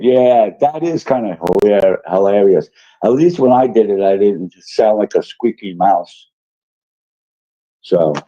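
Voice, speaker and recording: With a lowish, mellow voice, a man hosts a casual livestream, reading chat messages aloud and answering them in a rambling, apologetic way full of fillers. The stream audio is dull and lo-fi.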